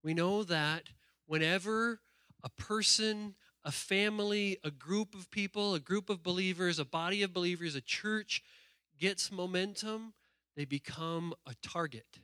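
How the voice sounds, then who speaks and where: A man preaching a sermon, an animated, joking storyteller. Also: high voice, measured pace, clear, resonant tone, dry recording, clean studio sound. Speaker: pastor.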